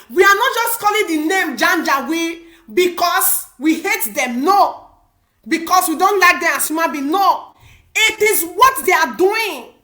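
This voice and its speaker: A woman's voice: very high-pitched, bright, forceful tone. A woman with a Nigerian Pidgin English accent giving impassioned political commentary, emphatic and repetitive with many restarts.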